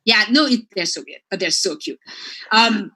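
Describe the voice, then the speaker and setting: A woman from Sri Lanka, a marine biologist, telling a lively story in conversation and peppering it with "right?" and "like". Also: medium pitch, normal speed, breathy edge. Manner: chatty, fillers like "right?" and "like".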